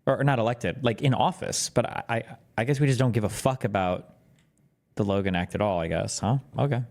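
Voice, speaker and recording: A man's voice: medium pitch, fairly quick, darkish tone. A man streaming reactions to a press conference, making sarcastic and profane asides. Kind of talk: casual reaction commentary.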